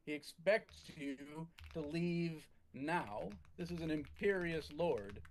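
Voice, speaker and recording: A man narrating a tabletop game as its game master, measured and halting, with frequent restarts. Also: on the high side, a little hiss or hum.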